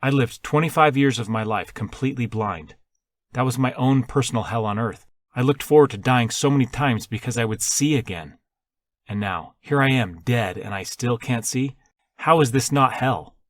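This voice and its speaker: A man's voice: low voice, moderate pace, slightly rough. A man voicing a bitter blind man in the afterlife. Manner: raised, bitter, sarcastic. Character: bitter blind man, newly dead, young adult.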